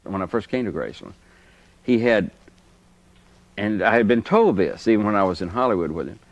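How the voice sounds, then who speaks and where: Guy w a lowish voice spinning anecdotes in an interview, laughs as he talks, dry sound. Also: brisk, dry recording. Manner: animated anecdote teller, chuckles through stories. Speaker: interview guest. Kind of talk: storytelling reminiscence.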